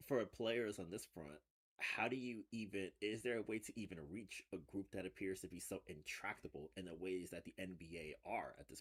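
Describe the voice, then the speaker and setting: A man co-hosting a casual live stream, asking measured questions. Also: deep voice, breathy edge. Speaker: co-host.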